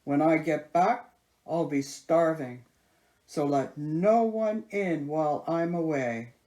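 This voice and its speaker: A woman voicing a greedy, grumpy male giant with a gruff, booming voice. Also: takes it slowly, warm tone.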